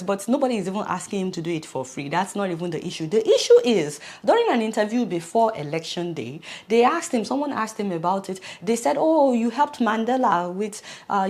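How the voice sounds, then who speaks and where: A woman's voice: medium pitch, a little mellow. A woman hosting political commentary, talking animatedly and addressing her viewers directly. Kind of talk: casual commentary to camera.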